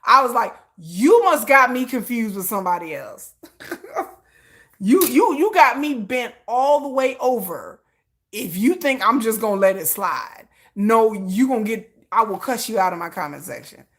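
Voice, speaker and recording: Speaking at an ordinary pace, this bright, high-voiced woman vents on her live stream in a loose, chatty rant. She swears without holding back and performs her comebacks with dramatic pitch leaps, all brash and animated.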